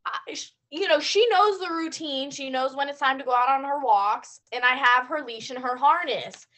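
A young woman co-hosting a podcast, telling stories and ranting in a casual, animated way, with lots of "like". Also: high voice, normal speed. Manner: animated storytelling, ranting, heavy use of "like". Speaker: podcast co-host. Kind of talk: casual chat.

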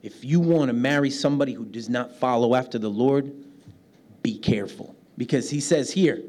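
A man with a New York accent, a pastor preaching a lively sermon, often laughing and acting out the voices of people he quotes. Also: mid-range voice, normal speed. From New York City, United States.

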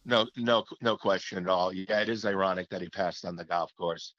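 This ex-hockey announcer has a low, somewhat bright voice and a steady tone, and he speaks fairly quickly. In an interview he looks back on his career with reflective stories, restarting sentences often, captured in slightly muffled lo-fi audio without echo.

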